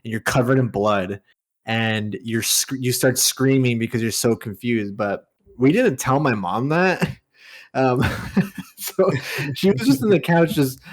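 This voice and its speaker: Young man, podcast co-host, casual chat, laughs a lot, mid pitch. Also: unhurried. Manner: laughs often while telling stories, animated when quoting.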